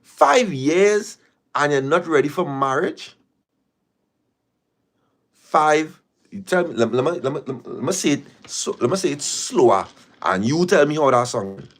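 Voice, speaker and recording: A man's voice: fairly high pitch, big pitch swings, measured pace, long pauses. A man hosting a casual live stream, talking emphatically, repeating phrases and firing rhetorical questions.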